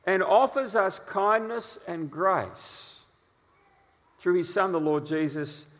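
A man preaching a sermon, telling stories in an animated way with frequent "uh" fillers. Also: high voice, slow pace, long reverb tail.

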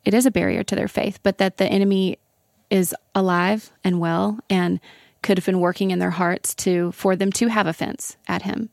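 A woman on a podcast giving thoughtful, measured answers in a casual Bible study discussion. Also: medium pitch, steady tone, creaky, darkish tone, no room sound, clean studio sound.

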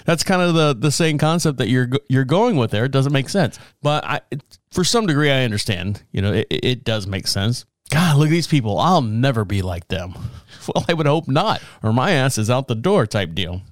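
A man's voice: medium pitch, animated, moderate pace, no room sound, clean studio sound. A middle-aged man hosting a podcast in a casual, rambling monologue, self-mocking, swearing and laughing often. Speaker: podcast host. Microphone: podcast mic, also filmed.

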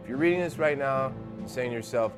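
A man's voice: medium pitch, fast talker, natural voice. An actor playing a furious young woman sorority officer who rants and swears in a dramatic reading over music. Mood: seething. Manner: profane, seething, building to screaming. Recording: loud music under the voice.

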